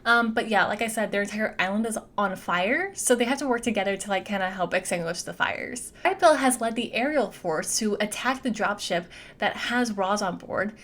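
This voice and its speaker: A woman's voice: medium pitch, moderate pace, fairly bright tone. A young adult woman giving a casual, chatty movie recap, peppering her speech with "like". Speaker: movie reviewer.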